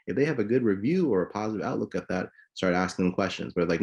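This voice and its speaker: A man's voice: lowish voice, fast talker, few pauses, darkish tone. A man giving sales coaching over a video call, acting out both sides of phone conversations in shifting voices. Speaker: guest sales trainer. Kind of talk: casual coaching talk.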